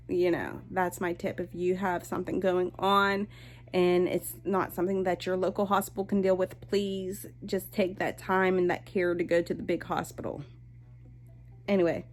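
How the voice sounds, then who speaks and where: Candid woman vlogger telling her story. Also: medium pitch. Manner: candid, conversational, with many fillers and restarts. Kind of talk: personal storytelling to camera.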